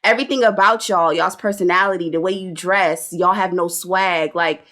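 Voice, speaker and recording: A woman co-hosting a show-review chat, blunt and animated, with plenty of slang and cursing. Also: on the low side, normal speed. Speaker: podcast co-host reviewing a reality show. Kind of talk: casual opinionated chat.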